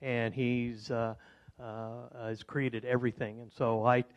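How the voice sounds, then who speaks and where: A middle-aged man shares a personal testimony in a mid-range voice that is neither high nor low. He rambles and halts with plenty of fillers and restarts, and he turns lively when he retells the exciting parts. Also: takes it slowly, highs cut off. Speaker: insurance man giving a testimony.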